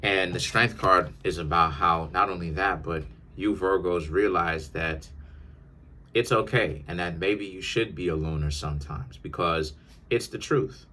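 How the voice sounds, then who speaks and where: A man's voice: sits low, a little slow, bright, forceful tone. A man giving a tarot reading in an emphatic, lecturing monologue, often repeating his words. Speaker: tarot reader.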